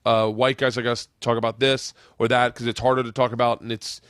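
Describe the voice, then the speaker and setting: A man's voice: mid-range voice, fairly quick, smooth, dry recording, studio quality. A man hosting a podcast in casual chat, telling swearing anecdotes and acting out the people in them. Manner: animated storytelling, acting out quoted voices; swears freely. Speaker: podcast host.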